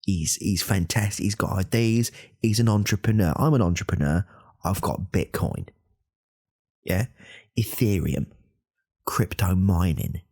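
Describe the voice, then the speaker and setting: Brief: man doing a very low, husky alpha-bro podcaster in whispered role-play, rambling and self-important. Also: measured pace. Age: 30s. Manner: hushed, rambling, self-correcting. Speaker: podcast host.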